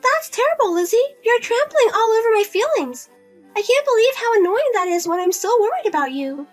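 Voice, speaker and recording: A woman's voice: very high-pitched, big pitch swings, brisk, faint music behind. A woman playing a pushy, self-pitying widowed mother who keeps guilt-tripping her daughter and asking for money, in a narrated drama. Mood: nagging. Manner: nagging, whiny, guilt-tripping.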